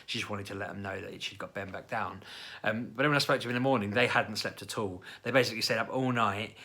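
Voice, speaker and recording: A man in his thirties telling a family story in a casual vlog, jumping into high, animated voices when he quotes people. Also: fast. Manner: chatty, acts out quoted lines with sudden high-pitched voices. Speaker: parent vlogger.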